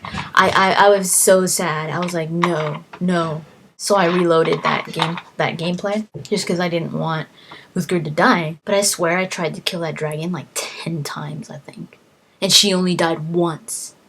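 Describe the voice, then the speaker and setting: A woman casually chatting about a video game she is playing, excitable and rambling, often repeating her words as she talks. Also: fairly low pitch, moderate pace, a little hiss or hum. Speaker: gaming vlogger.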